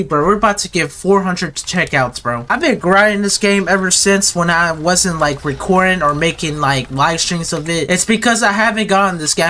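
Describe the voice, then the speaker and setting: A man giving casual, excitable gameplay commentary to his viewers, full of slang and rambling asides. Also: fairly high pitch, a little hiss or hum. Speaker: gaming video creator.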